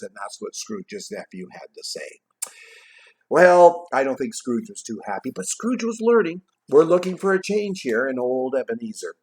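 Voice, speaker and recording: A man casually retelling a classic story in a vlog, tossing in jokey asides and trailing off quietly at the ends of his thoughts. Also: medium pitch, very animated, moderate pace. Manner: chatty, jokey, adds asides while retelling. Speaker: vlogger reading a classic novel aloud.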